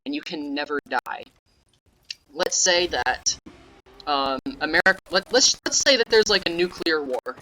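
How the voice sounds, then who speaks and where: A young man giving casual, rambling gameplay commentary that breaks into sudden yelling at the game. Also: fairly high pitch, a little hiss or hum, rough recording. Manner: rambling, offhand, with sudden yelled outbursts at the game. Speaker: gaming YouTuber.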